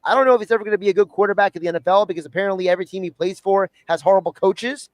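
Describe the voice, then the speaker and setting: A man's voice: high-pitched, steady tone, racing, no room sound. A man hosting a sports radio show, chatting animatedly with guests and reading sponsor copy.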